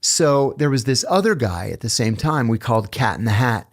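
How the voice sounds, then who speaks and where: Man spinning blunt stories on a podcast, animated, mid pitch. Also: moderate pace. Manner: animated, blunt, profane storyteller. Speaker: guest, author. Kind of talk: casual storytelling in a podcast chat.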